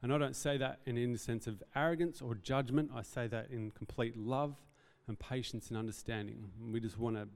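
A man's voice: mid-range voice, fairly even intonation, fairly quick, gravelly, hardly any pauses. A man preaching a sermon as pastor, earnest and conversational, with self-deprecating asides. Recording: reverberant hall.

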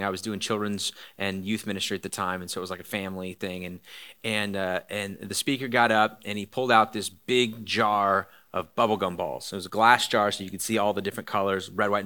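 Bright-voiced man preaching casually. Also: fairly low pitch, fairly even intonation, a little fast. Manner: rambling, many fillers and restarts, jokey asides. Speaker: pastor. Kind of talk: casual conversational sermon.

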